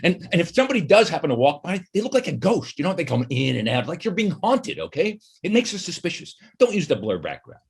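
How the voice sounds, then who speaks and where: Fast, lively man doing comedy. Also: fairly high pitch, gravelly, slightly rough. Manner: animated, wry, quick asides and mock voices. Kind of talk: stand-up comedy monologue from home. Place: home office.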